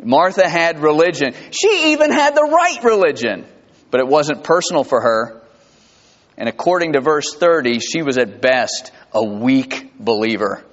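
A man preaching a sermon in a church, conversational and animated, with asides and chuckles. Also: fairly high pitch, normal speed, long reverb tail, highs cut off. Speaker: pastor. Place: church sanctuary.

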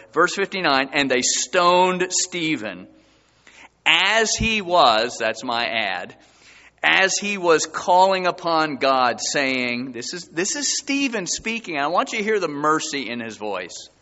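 A man preaching a sermon as a pastor, his voice surging high and loud for emphasis. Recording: dull sound with long hall reverb.

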